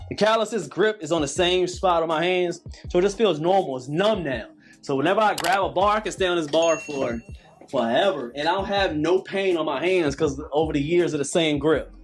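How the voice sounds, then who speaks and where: A man in his late thirties coaching a live calisthenics workout, repeating cues and preaching about hard work. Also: high voice. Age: late 30s. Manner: preachy, repetitive motivational cues.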